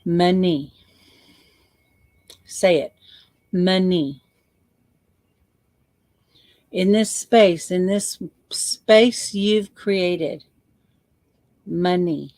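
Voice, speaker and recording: Slow playful woman leading a visualization. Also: on the low side, darkish tone, dry recording. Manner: slow, playful, repeats words for emphasis. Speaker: spiritual coach leading a guided exercise. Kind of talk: guided visualization.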